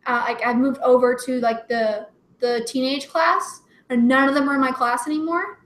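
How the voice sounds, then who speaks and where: Brief: high, bright young woman, giggly rambling chat host, echoey room. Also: fairly even intonation, normal speed, a little hiss or hum. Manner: giggly, rambling, full of "like" fillers. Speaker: livestream co-host. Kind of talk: casual chat. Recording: roomy echo.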